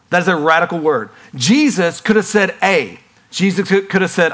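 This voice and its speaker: Male pastor, slightly higher voice, chatty lively sermon delivery with playful acted-out bits. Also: normal speed.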